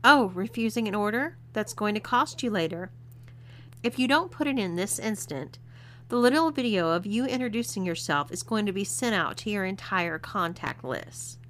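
A woman's voice: medium pitch, expressive, moderate pace, a bit bright, close to an everyday voice. A woman voicing a cool, teasing young woman who gives orders. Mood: commanding. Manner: commanding, mocking.

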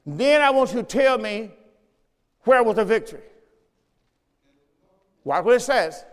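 A man's voice: very high-pitched, animated, a little slow. A man preaching a sermon as pastor, teaching from scripture in a call-and-response style and repeating key phrases. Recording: long church reverb.

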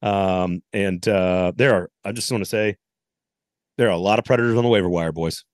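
A man's voice: low-pitched, moderate pace, dry recording, studio quality. A man hosting a casual sports podcast, laid-back and wry, with plenty of ums and uhs. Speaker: podcast host.

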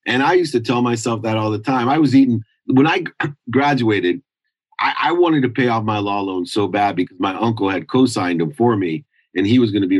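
A man's voice: on the low side, husky, no echo, low-quality recording. A middle-aged man telling a candid life story in an interview, intense and confessional, acting out the people he quotes. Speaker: guest.

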